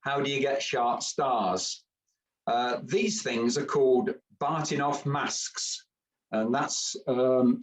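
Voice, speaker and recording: A man's voice: medium pitch, recorded from a distance, low-quality recording. A man giving a chatty, joking camera club talk with many fillers.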